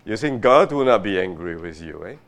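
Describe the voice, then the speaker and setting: A man preaching a sermon, reading scripture aloud and pressing his listeners with rhetorical questions in a slow, emphatic way. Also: fairly low pitch, lively intonation, fairly bright tone. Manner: reads scripture aloud with rising force. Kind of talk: sermon, Bible exposition.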